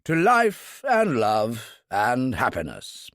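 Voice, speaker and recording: A gruff elderly British brigadier, clipped and wry, his speech swinging lively up and down, as a male narrator reads him. Close and dry, with no room sound. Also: mid-range voice, takes it slowly, no echo, heavily acted.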